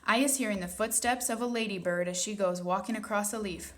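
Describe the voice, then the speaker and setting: A woman's voice: mid-range voice, a little fast, lightly acted. A woman reading aloud and voicing a big, friendly male giant who talks in jumbled grammar and made-up words. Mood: boastful. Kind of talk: audiobook reading.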